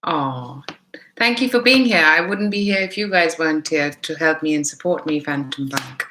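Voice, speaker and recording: A woman with a mixed Indian accent speaks at normal speed in a deep, pushed, bright voice, with slight background noise. She hosts a relaxed live tarot stream, acknowledging viewers by name and talking through her card readings aloud.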